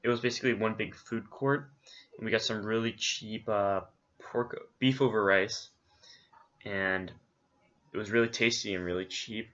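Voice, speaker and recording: A man's voice: fairly low pitch, steady tone, normal speed, fairly bright tone, muffled recording. A man co-hosting a casual travel recap, rambling along with many fillers. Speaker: co-host recapping a trip.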